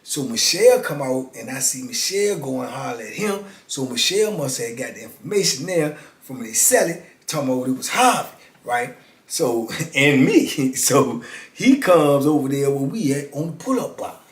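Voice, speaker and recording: A man in his fifties telling a story in a relaxed, casual way and acting out the other people's voices. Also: medium pitch, normal speed. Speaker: YouTube storyteller. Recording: roomy echo.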